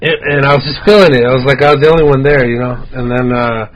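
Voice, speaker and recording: A man from Arizona, a podcast guest, telling animated stories in casual chat, swearing a lot and acting out quotes. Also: medium pitch, fast talker. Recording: dull lo-fi sound with faint hiss.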